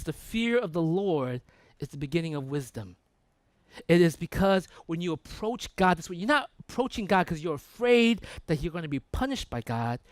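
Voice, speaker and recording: A man preaching a sermon in a conversational, animated way, often checking in with the congregation. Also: high-pitched, dry recording. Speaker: pastor. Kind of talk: sermon with storytelling.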